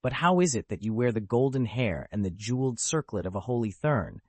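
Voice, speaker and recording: A man voicing a proud pirate prince in an audiobook, calm and dignified with a faint ironic edge. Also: medium pitch, brisk, no echo, close to an everyday voice. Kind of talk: audiobook character voice.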